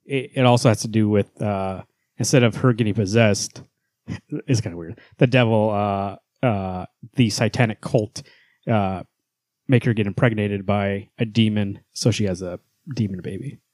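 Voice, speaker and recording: A man's voice: lowish voice, steady tone, moderate pace, a little mellow, no echo, clean studio sound. A man in his thirties co-hosting a podcast, rambling casually, laughing often and swearing now and then. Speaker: podcast co-host. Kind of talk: casual chat.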